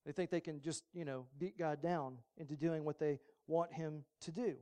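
A male pastor giving a sermon in a relaxed, conversational way, slipping in humorous asides. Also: on the high side, normal speed.

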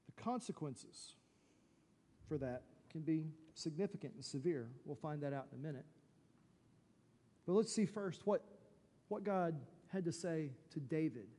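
A man's voice: a little high, expressive, measured pace, pauses often, warm tone. A man preaching a sermon as pastor, emphatic and full of rhetorical questions. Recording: long reverb from a large hall.

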